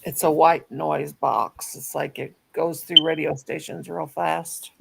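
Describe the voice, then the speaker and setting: A woman with a lowish, heavily gravelly voice chats easily, spinning a story. A faint hiss of noise sits behind her on the stream. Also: steady tone, a little slow. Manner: chatty storyteller. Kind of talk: casual chat.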